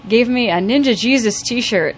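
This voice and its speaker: A woman's voice: fairly high pitch, normal speed, slight background noise. A woman co-hosting a podcast in casual, playful chat, teasing her co-host.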